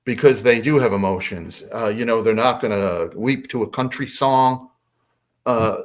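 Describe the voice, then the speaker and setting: A man who is a podcast guest, telling a story in a casual, animated way and acting out the voices in it. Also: medium pitch, normal speed.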